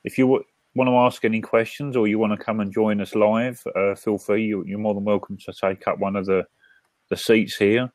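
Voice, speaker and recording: Low-voiced British man, dry sound. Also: level tone, no echo. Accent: British English. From Britain. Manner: hesitant, halting with restarts and fillers. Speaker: host. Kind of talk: casual live-stream chat. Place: front room at home.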